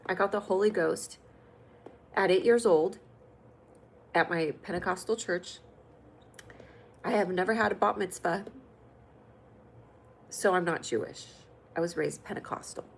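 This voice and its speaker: A California comedy livestream host, her voice low-ish and creaky, speaks at a measured pace and pauses often while reading comments and joking with viewers. She's playful and sometimes lively and loud, and the poor audio carries a slight hiss or hum.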